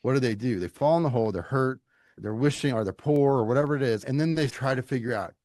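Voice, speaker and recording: A middle-aged man from Louisiana speaks as a leadership coach on a podcast. He tells his stories in an animated, emphatic and folksy way, at an average pitch. The recording is dry and close, with no room sound. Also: fast talker, dry recording. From Louisiana, United States. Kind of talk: conversational interview.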